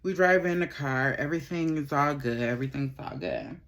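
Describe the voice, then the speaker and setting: Chatty, candid young woman, lowish voice. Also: brisk, fairly bright tone. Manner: chatty, candid, swears freely and repeats phrases. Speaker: vlogger. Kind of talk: casual storytime while doing makeup.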